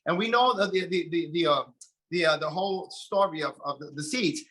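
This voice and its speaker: A man with a notably high, bright voice gives a preachy motivational talk over a video call. He urges his listeners on in earnest, pressing each point. It is the talk of a sales team leader rallying his group. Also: brisk. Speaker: network marketing team leader.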